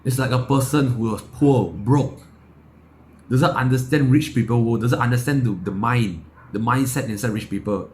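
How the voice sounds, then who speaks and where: A man's voice: medium pitch, normal speed, darkish tone, slight background noise. A young man from Malaysia giving a blunt, impassioned motivational monologue, swearing, firing off rhetorical questions and repeating his words. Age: young adult. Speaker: self-improvement YouTuber.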